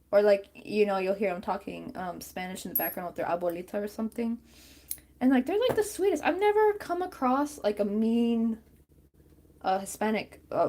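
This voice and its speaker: A woman's voice: mid-range voice, warm tone. A woman chatting casually and rambling with many fillers while she crochets on a stream.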